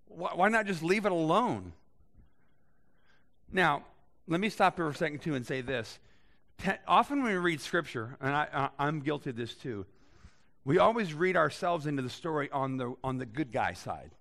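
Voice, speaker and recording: Guy preaching, gravelly voice, chatty and animated, reads the bible then riffs on it. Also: on the high side, fairly quick. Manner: conversational, animated Bible reading with voiced asides. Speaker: pastor. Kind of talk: sermon.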